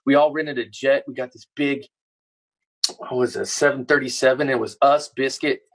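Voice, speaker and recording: A musician in his fifties, a guest on a podcast, calmly recalls old shows in a casual chat. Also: medium pitch, moderate pace. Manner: relaxed, reminiscing.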